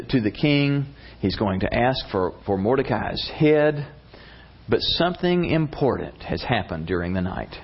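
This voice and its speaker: A man preaching a sermon, retelling a story in an animated, conversational way. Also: medium pitch. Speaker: pastor. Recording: dull lo-fi recording.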